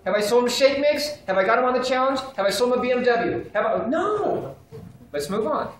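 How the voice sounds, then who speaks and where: An animated man runs a live training session, throwing questions at the room and acting out phone calls. His voice bounces around a very reverberant hall, with faint background ambience underneath. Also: very high-pitched, fast talker, slight background noise. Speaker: sales trainer. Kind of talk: live seminar teaching. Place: seminar room with a live audience.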